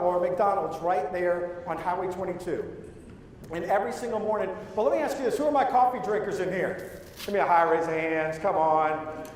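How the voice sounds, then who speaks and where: A man's voice: high-pitched, a little mellow, a little hiss or hum. A man giving a motivational keynote speech to a live audience, telling a story and asking the crowd questions. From Louisiana. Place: large hall with audience. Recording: echoey hall, from far off.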